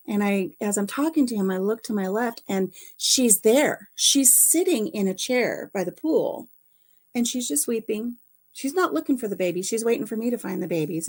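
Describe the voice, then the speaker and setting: Middle-aged woman vlogger, relaxed chatty storyteller, casual and unscripted. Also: medium pitch. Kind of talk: casual chat.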